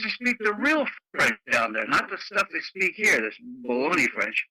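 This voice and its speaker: A man's voice: on the high side, big pitch swings, normal speed, bright, forceful tone, husky, no echo, low-quality recording. A man in a rambling, folksy casual chat over the radio. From Canada. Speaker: radio net regular.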